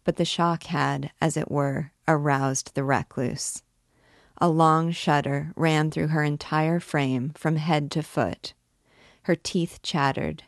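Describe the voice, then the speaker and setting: Low, slow woman reading a novel aloud. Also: steady tone, dry recording, clean studio sound. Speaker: book reader and guide.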